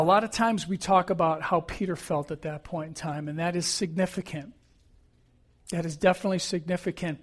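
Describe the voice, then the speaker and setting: Male pastor, conversational sermon delivery, relaxed storyteller, high-pitched.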